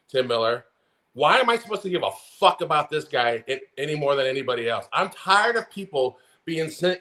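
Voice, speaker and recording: Heated American podcast co-host in his forties, swearing, raised voice pitched a bit high. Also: fairly bright tone. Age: 40s. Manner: profane, impassioned, fired up. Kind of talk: heated political rant.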